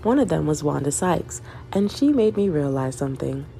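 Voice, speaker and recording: A woman's voice: deep voice, big pitch swings, moderate pace, vocal fry, warm tone. A young woman in her twenties with a Southern US accent, chatting alone in a candid, rambling way, swearing and laughing as she talks. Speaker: podcaster. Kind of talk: casual solo chat.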